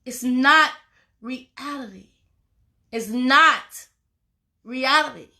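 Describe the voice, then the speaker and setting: A woman's voice: high voice, very slow, sharp tone. A woman life coach giving a motivational talk to viewers, emphatic and informal, repeating her phrases and calling listeners y'all and baby.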